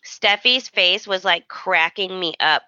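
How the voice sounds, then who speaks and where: Woman, podcast co-host, bright, jokey and chatty, dry close sound. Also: fairly low pitch, a little slow, no room sound, lo-fi sound. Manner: chatty, jokey, mimics characters. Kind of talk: casual soap opera recap chat.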